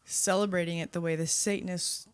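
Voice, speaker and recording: A woman's voice: fairly low pitch, fairly even intonation, fairly quick, clean tone, no echo. A woman co-hosting a Catholic podcast, speaking earnestly in casual chat and often murmuring agreement. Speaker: podcast co-host.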